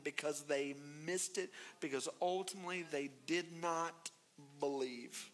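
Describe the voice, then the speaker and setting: A male pastor preaching a sermon, telling a story in an animated, playful way and acting out the voices in it. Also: on the high side, a little slow.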